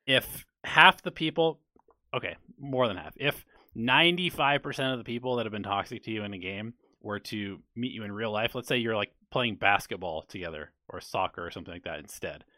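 Male podcast host, low and crisp, measured reasoning, dry close recording. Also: bright, forceful tone, no room sound. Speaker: podcast host reading chat questions. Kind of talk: casual chat.

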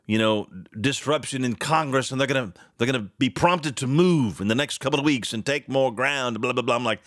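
A man hosting a political talk show, talking in a sarcastic, animated and mocking way. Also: mid-range voice, brisk, dry recording, studio quality.

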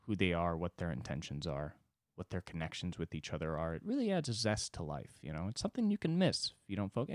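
A man's voice: low voice, sing-song, fast talker, darkish tone, no echo, clean studio sound. A man hosting a solo podcast, telling a sarcastic, profane story with big swings in his voice. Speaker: podcast host. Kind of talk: solo comedic monologue.

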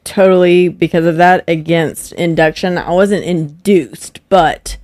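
Here the host's wife, a young adult, guests on the podcast with a lowish voice and a slightly slow delivery. She chats casually, spinning animated stories and voicing the people in them. There's no room sound, and the quality is studio-grade.

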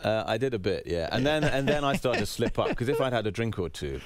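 A man's voice: lowish voice, big pitch swings, fast. A man telling a self-mocking anecdote as a guest in an interview. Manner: wry, self-mocking storytelling.

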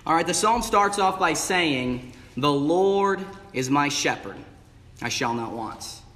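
In a church sanctuary, a man with a high-leaning, animated, sharp voice preaches an evening sermon at a slow pace, stretching out key words in an emphatic cadence. The hall's long reverb fills the recording while the congregation calls out replies.

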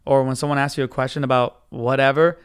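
A man's voice: mid-range voice, flat delivery, fast, smooth. A man hosting a podcast who tells a long story in a casual monologue. He rambles, swears freely and acts out other people's voices. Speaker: podcast host.

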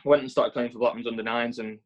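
A young man with an English accent speaks in a medium-pitched voice, answering questions in a relaxed interview. He talks earnestly, tripping over his words and restarting phrases as he goes. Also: very fast, muffled recording. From England. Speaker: professional footballer, interview guest.

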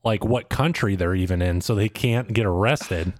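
A man's voice: lowish voice, normal speed, no room sound, clean studio sound. A young man co-hosting a podcast, recapping a show in a casual storytelling way with wry remarks. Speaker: podcast co-host.

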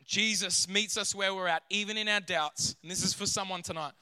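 Male preacher, high bright voice, smooth, animated storytelling delivery, dry sound. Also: brisk, no echo. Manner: animated, acts out scenes in character voices. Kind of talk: sermon.

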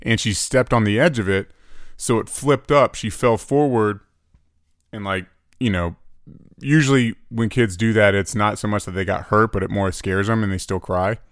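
Earnest, low-voiced male co-host. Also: normal speed, no echo, studio quality. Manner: earnest, reflective storytelling. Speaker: podcast co-host. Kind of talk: casual podcast chat.

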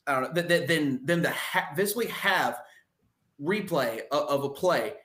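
Exasperated sports podcast guy, bright and echoey. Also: on the high side, animated, normal speed. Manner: heated, exasperated ranting with many restarts. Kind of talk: casual sports chat.

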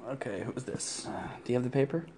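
A male podcast host who talks casually and mutters his lines in a deadpan way. His voice has a gravelly, creaky texture. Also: medium pitch, quick pace, background noise. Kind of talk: casual comedic podcast chat.

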